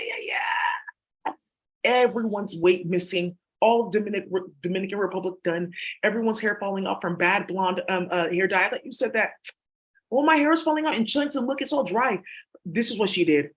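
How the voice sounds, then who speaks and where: A man's voice: high-pitched, a bit bright, rough recording. A man talking to his viewers in a rambling, profane, scattered and conspiratorial way. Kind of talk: rambling casual monologue.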